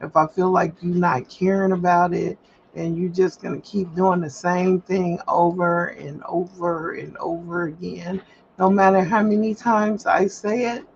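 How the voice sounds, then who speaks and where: A woman's voice: fairly low pitch, level tone, measured pace. A woman on a casual livestream, talking candidly and rambling, with emphatic repetition, while she prints paperwork at home. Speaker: livestream host. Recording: slightly dull livestream audio, faint hum.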